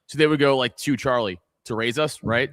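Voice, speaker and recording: A man's voice: medium pitch, a bit bright, no room sound, clean studio sound. A man, a former police officer co-hosting a casual podcast, talking profanely and laughing as he tells stories. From New York City. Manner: fast, profane, laughing storyteller.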